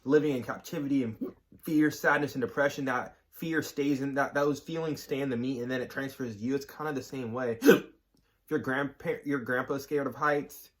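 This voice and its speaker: Male co-host, mid-pitched, casual chat, hiccuping, gasps break up his lines. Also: fairly even intonation, moderate pace. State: has the hiccups.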